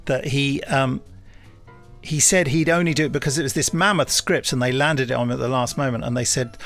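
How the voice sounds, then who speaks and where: A man hosting a podcast, chatting in a relaxed, anecdotal way and reading listener emails aloud with wry asides. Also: medium pitch, a little fast, faint music behind. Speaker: podcast host. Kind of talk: casual chat.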